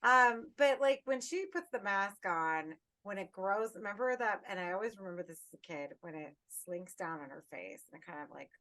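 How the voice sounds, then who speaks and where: A woman co-hosting a podcast, talking in a loose, rambling way and swearing freely. She is animated, at a middle pitch, over a remote call. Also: moderate pace, hardly any pauses. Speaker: podcast co-host. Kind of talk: casual chat.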